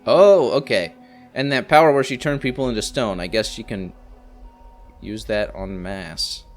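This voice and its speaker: A man's voice: lowish voice, unhurried, faint music behind. A man giving casual gameplay commentary as a let's play host, rambling with exasperated asides.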